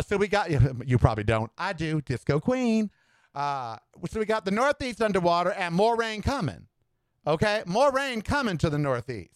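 A man's voice: high-pitched, clear, resonant tone, no room sound, clean studio sound. A man hosting his own podcast, delivering sassy, campy political commentary and calling listeners "honey.". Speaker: podcast host. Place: Southwest US home studio.

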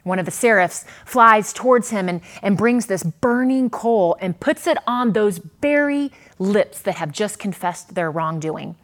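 A woman preaching a sermon, earnest, with dramatic pauses and a voice that swells and drops. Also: medium pitch, expressive. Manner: earnest, dramatic pauses, rises and falls in volume.

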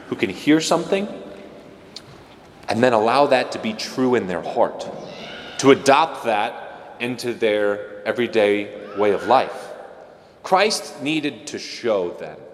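A man's voice: on the low side, big-room sound, slight background noise. A man giving a casual, conversational homily as a priest, with joking asides and playful voices for the people he quotes.

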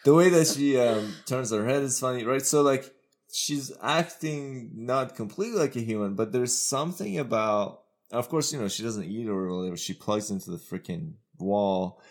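A man's voice: mid-range voice, normal speed. A man co-hosting a podcast, talking through philosophical questions in casual chat, laughing often. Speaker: podcast co-host.

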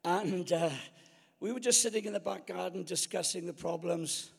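Gravelly older preacher telling jokes. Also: male voice, high-pitched, normal speed. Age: 70s. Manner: jokey, self-mocking, lively anecdotes. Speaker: guest preacher. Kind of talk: sermon with comic storytelling. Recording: long hall reverb.

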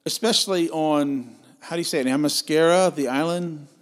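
Eager, stammering man, fairly high voice. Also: moderate pace. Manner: enthusiastic, stammers and restarts often. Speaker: film podcast co-host. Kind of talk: casual film review chat.

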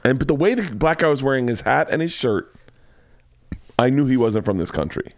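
A man's voice: medium pitch, lively intonation, brisk, no echo. A man hosting a casual podcast from a home studio, telling a rambling, worked-up anecdote and swearing freely. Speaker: podcast host and comedian. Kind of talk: casual storytelling chat.

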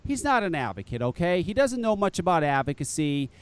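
A man hosting a podcast, telling a story in casual chat, animated and profane, laughing often. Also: on the high side, brisk, clean tone. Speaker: podcast host.

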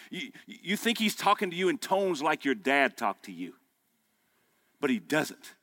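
Male pastor, bright forceful tone, folksy emphatic sermon delivery. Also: fairly high pitch, very animated, a little slow, long pauses. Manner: folksy, emphatic preaching, rising to loud peaks. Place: men's breakfast gathering hall.

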